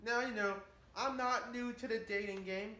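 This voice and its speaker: A man's voice: very high voice, steady tone, moderate pace, pushed and bright. A man in his twenties rambling boastfully in a casual monologue, often saying "man". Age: 20s. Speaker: vlogger. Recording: echoey room with faint hiss.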